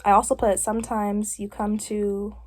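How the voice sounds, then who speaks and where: A woman's voice: mid-range voice, flat delivery, moderate pace, a little mellow. A young woman vlogging casually while getting her hair done, talking in a rambling way with lots of fillers. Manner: rambling, chatty, with frequent fillers. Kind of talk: casual chat.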